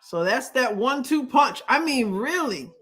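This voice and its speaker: A woman's voice: high-pitched, expressive, moderate pace, a bit bright, husky. A middle-aged woman hosting a casual live stream, laughing often as she chats with her viewers. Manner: laughs often, sings playful call-and-response prayer lines.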